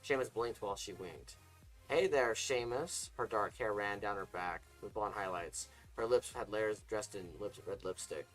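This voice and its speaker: A man's voice: lowish voice, moderate pace, hardly any pauses, fairly bright tone, soft background music, low-quality recording. A man casually reading fiction aloud, stumbling and restarting now and then. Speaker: story reader.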